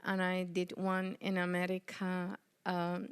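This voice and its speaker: A woman's voice: fairly low pitch, monotone, a little slow, clean tone. Puerto Rican woman asking a panel question. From Puerto Rico. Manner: searching for words, informal. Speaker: audience member asking a question.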